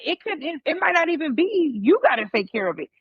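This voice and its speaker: A woman co-hosting a casual podcast discussion, speaking in a measured, deliberate way and stressing her key words. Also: high voice, very animated, no echo. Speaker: podcast co-host. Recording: dull, dry recording.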